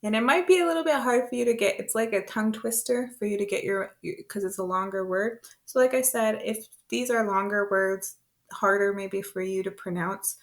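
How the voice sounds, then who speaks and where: A woman teaching beginner words to parents, slow and patient, repeating each word in rhythm. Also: medium pitch. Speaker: language teacher. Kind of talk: beginner language lesson.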